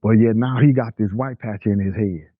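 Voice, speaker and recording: A man's voice: lowish voice, steady tone, moderate pace, no room sound. An older man, telling his own story in a plain-spoken, vivid, vernacular way. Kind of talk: first-person story recounting. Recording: dry, slightly muffled recording.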